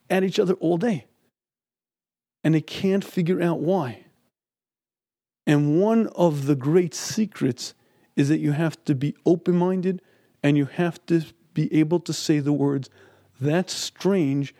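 A middle-aged man teaching a Talmud class, emphatic and lively as he acts out what people say. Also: a little high, dry recording, studio quality. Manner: emphatic, acts out quoted speech. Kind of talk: lecture on Talmud and marriage.

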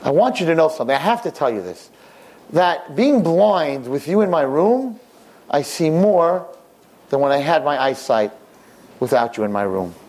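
A man's voice: a little high, animated, normal speed, darkish tone, lightly acted, poor audio. A man voicing an old blind man in a nursing home who pleads and repeats himself insistently. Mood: tender, grateful.

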